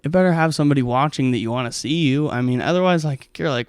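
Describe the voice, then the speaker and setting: Rambling, profane comic, smooth dry voice. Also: male voice, mid-range voice, fast talker, few pauses, no echo. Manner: rambling, profane, heavy with fillers. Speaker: stand-up comic. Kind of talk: casual monologue storytelling.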